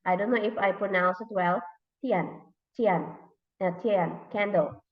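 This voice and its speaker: Thai-accented woman teacher drilling pupils, unhurried; lo-fi, echoey classroom recording. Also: mid-range voice. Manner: repeats words slowly to drill them. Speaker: English teacher. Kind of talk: classroom lesson for young learners. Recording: dull, roomy, recorded from a distance.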